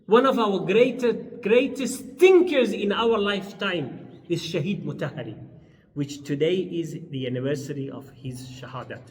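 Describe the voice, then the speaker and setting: A man's voice: high-pitched, normal speed. A man giving a philosophy lecture, emphatic and repeating his key words as he acts out short quoted exchanges. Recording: far from the mic in a reverberant hall.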